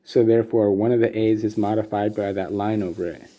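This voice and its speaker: A man explaining Sanskrit script and meter as a teacher, relaxed and casual, with many pauses and fillers. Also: fairly low pitch. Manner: relaxed, many ums and restarts. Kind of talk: explanatory lesson with slides.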